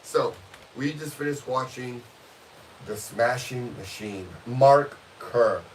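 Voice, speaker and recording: A man hosting a casual podcast, loud and showy, teasing his co-host in banter. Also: mid-range voice, slow pace. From California. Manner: boisterous showman, teasing banter. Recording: distant mic with hiss.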